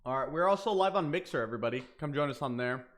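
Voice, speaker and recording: A man hosting a casual race watch-along stream, talking excitably and swearing now and then. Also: mid-range voice, racing. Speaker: livestream host.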